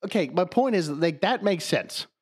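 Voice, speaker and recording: A man co-hosting a casual podcast chat, excitable and joking, with casual swearing. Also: sits high, moderate pace, breathy edge. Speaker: podcast co-host.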